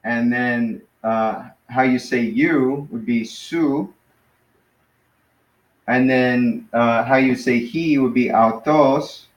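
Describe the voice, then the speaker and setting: A man teaching a Greek class in a relaxed, hesitant way, with many fillers. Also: mid-range voice, slow pace, echoey room, lo-fi sound.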